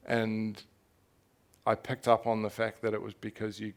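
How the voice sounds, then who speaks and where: A man's voice: on the low side, flat delivery, moderate pace, clean tone. A young man from New Zealand, an author speaking candidly on stage, telling his story frankly and animatedly, with laughter and the odd swear word. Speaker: author at a festival talk. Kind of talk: candid live conversation on stage.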